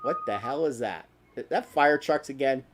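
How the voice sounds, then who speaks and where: Animated, sarcastic ranting male host. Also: mid-range voice, moderate pace, music in the background. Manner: angry, sarcastic, profane ranting. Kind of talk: ranting talk stream.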